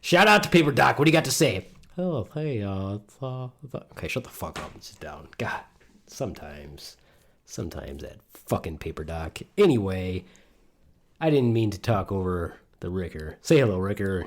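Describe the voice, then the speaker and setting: A middle-aged man from Michigan hosts a podcast from his home studio. He rambles and jokes, swearing freely, and his pitch swings widely as he riffs. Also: sing-song, moderate pace, fairly bright tone. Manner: rambling, profane, joking. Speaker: podcast host. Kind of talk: casual podcast banter.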